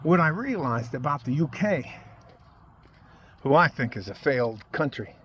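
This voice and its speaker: A man's voice: on the high side, lively intonation, moderate pace, pauses often, a bit bright, a little hiss or hum. A man from the United States delivering a profane, heated political rant straight to his viewers. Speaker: video blogger. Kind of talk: angry political rant to camera.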